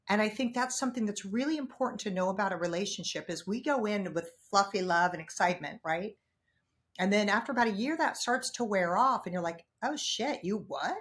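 Frank, animated woman guest. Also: medium pitch. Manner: animated, swings between loud acted-out outbursts and hushed asides; frank, casual swearing. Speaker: podcast guest. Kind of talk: candid conversational storytelling.

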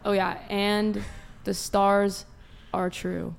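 Flat nonchalant woman, gravelly voice. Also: mid-range voice, very slow, a crowd in the background. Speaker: panel guest. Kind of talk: casual panel discussion.

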